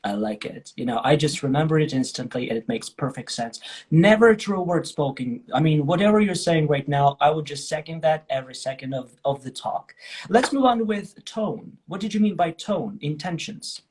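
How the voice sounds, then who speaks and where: Husky enthusiastic man hosting. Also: on the high side, animated, moderate pace. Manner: enthusiastic, jokey, frequent "right?" and "you know". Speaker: host. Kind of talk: podcast interview chat.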